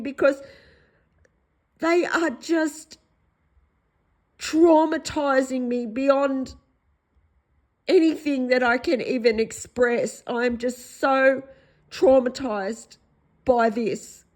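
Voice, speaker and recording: An Australian woman in a distressed personal vlog monologue, upset and pleading, repeating herself, her voice going hoarse. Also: high voice, steady tone, takes it slowly, long pauses, a little mellow, rough recording. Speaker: vlogger.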